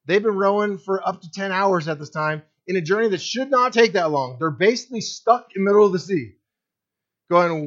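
Pastor guy preaching, high voice, goes loud then real quiet, kinda dull lo-fi sound. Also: expressive, a little fast. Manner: dynamic preaching, swinging from loud emphasis to hushed softness. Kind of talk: sermon.

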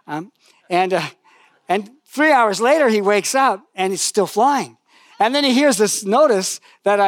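A man's voice: sits high, moderate pace, no echo, studio quality. An older man preaching a sermon, chatty and joking as he tells a story, then praying and reading scripture. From lived in New Zealand for decades.

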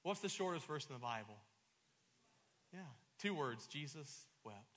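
A middle-aged man preaching a sermon, emphatic and stumbling over repeated words, swinging between loud and soft. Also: a little high, sing-song, moderate pace. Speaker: pastor. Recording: long hall reverb.

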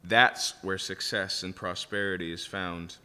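A man's voice: sits low, steady tone, unhurried, pushed and bright. Man preaching in an echoing hall. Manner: reads verses aloud, then explains them with rising emphasis. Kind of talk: expository sermon on scripture.

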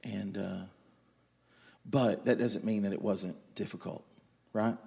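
A man preaching a sermon, swinging between loud emphatic lines and quiet confiding storytelling. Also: on the low side, slow pace, vocal fry, husky. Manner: animated, loud and emphatic, then quiet and confiding when telling his story. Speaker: guest preacher.

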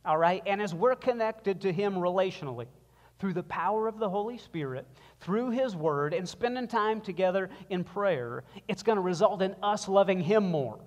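A male pastor preaching a sermon to his congregation, swinging between loud emphasis and quiet passages and drawing the room into call-and-response. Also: a little high. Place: church sanctuary. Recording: long reverb of a church hall.

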